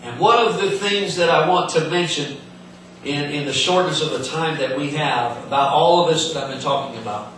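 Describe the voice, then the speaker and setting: A man preaching an earnest sermon, stumbling over repeated words as he builds his point. His voice is bright and slightly high, ringing through a very echoey hall from a distance from the mic. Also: moderate pace, slight background noise.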